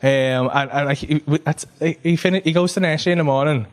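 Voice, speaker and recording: A man's voice: fairly high pitch, brisk. A man doing a stand-up comedy set, telling a rambling, sweary story full of fillers. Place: comedy club stage. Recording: noisy live club recording. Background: audience laughter.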